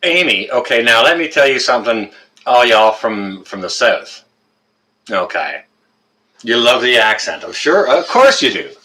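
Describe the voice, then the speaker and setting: A man's voice: mid-range voice, sing-song, measured pace, pushed and bright. A man with a Canadian accent hosting a casual live-stream chat on a webcam and greeting viewers one by one by name. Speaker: livestream host.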